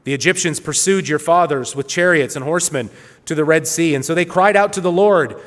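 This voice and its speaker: A man's voice: a little high, fairly quick, fairly bright tone, in a large hall. A man giving a sermon, reading scripture aloud with earnest, rising emphasis. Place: church hall.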